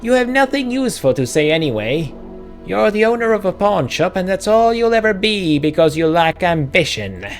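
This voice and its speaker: A man's voice: sits high, very animated, normal speed, soft background music, voice pushed up. A man voicing a small, bossy old woman shopkeeper who nags her husband in a braying voice, in a video game read-aloud. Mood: scornful. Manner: nagging, bossy.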